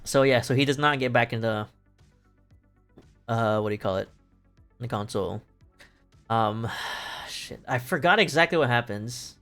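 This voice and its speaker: A young man tells a story the way he'd tell a friend, loose and rambling, full of swearing and fillers. He speaks at an everyday pitch into a streaming mic at home. Soft music plays faintly underneath. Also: a little slow, pauses often, clean tone. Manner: rambling, swearing, laughing asides, many fillers. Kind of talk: casual profane story retelling.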